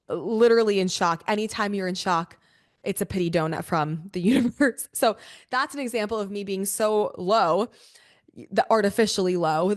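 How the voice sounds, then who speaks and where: A young woman talks to her listeners in a loose, expressive storytelling voice. She swears freely and laughs often. Her pitch sits in the middle range. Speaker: podcast host.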